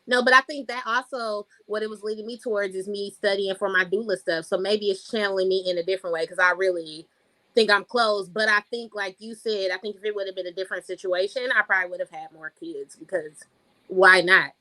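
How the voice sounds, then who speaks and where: A woman's voice: mid-range voice, fairly quick, dry recording, poor audio. A woman, a single mom, talking casually and animatedly, acting out quotes in a podcast chat. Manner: animated, acts out quotes in voices.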